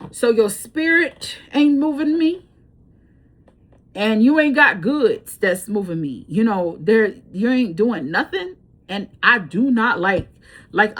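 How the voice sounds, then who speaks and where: Blunt, profane woman telling a story. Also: on the high side. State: breathing hard. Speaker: tarot reader. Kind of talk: casual storytelling chat.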